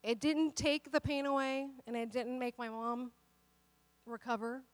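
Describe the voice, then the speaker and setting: A woman pastor preaches a sermon built on a personal story, quoting voices in dialogue before rising to emphatic exhortation. Her high voice is fairly even in intonation and measured in pace, with no room sound.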